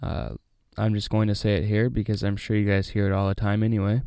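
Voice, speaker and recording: A man reading a Bible passage aloud and then talking it over in a relaxed, chatty way with many fillers. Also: lowish voice, fairly quick, clean tone, no room sound, clean studio sound. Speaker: Bible study host. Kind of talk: casual Bible reading and commentary.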